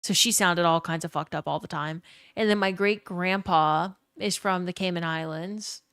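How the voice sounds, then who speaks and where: A woman's voice: lowish voice, fairly even intonation, moderate pace, a bit bright, smooth, no room sound, studio quality. A young woman from Louisiana with a New Orleans accent, chatting casually with her stream chat and swearing freely. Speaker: gaming streamer.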